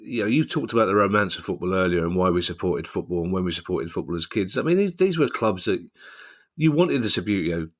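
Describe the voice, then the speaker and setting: A man's voice: deep voice, lively intonation, fast. A man co-hosting a football podcast, chatting casually in a jokey, self-deprecating way with stammered restarts. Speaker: podcast co-host.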